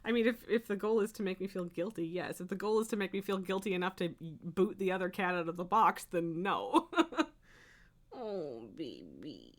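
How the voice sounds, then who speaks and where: A woman's voice: mid-range voice, steady tone, brisk. A woman live-streaming, reading a nonfiction book aloud with casual, laughing asides and sudden sweary outbursts.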